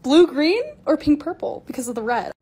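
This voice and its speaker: A young woman narrating her own lifestyle vlog in a bubbly, excitable, casual way. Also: high voice, normal speed, background noise. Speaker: lifestyle content creator.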